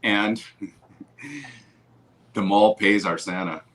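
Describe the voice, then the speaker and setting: A man guest on a video call from home, telling animated stories and laughing often. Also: lowish voice, slow pace. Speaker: guest, photographer. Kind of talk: casual storytelling on a video call.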